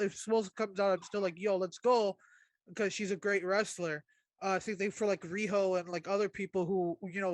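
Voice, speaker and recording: A man's voice: high-pitched, dry recording. A young man co-hosting a casual wrestling podcast, talking loosely with hesitations and the odd curse. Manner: casual, hesitant with fillers, swears. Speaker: podcast co-host.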